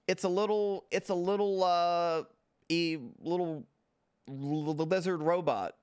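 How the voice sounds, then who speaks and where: A man talks through a TV episode at an unhurried, halting pace, stopping often for fillers and restarts. His voice is smooth and sits a little high for a man. He keeps the tone loose and casual, swearing and laughing here and there. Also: steady tone, a little mellow. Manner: rambling, halting recap with many fillers and restarts. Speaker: TV show reviewer. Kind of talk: casual livestream episode recap.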